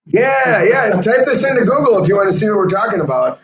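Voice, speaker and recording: Animated high-voiced chatty man. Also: fast, a crowd in the background. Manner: chatty, animated, laughs often. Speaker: host. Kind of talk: casual chat. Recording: roomy, dull lo-fi sound.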